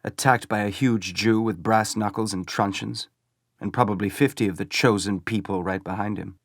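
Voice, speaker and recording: A man's voice: fairly low pitch, fairly even intonation, normal speed, no room sound, clean studio sound. A man voicing a scornful, sardonic police assistant who mutters under his breath.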